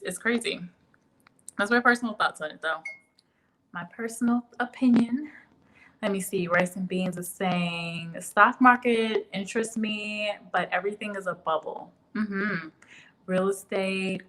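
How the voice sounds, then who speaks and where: A woman's voice: lowish voice, a bit bright, poor audio. A young woman hosting a casual live chat, talking freely, laughing often and answering viewer comments. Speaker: livestream host.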